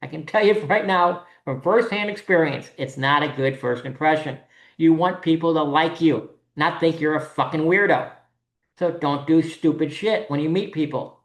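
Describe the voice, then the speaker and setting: A podcast host who organizes singles events rants bluntly, swearing freely as the point gets hammered home. The voice sits at a middle pitch and rings in a roomy, echoey space. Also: moderate pace. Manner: blunt, profane, ranting. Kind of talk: casual podcast monologue. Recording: roomy echo.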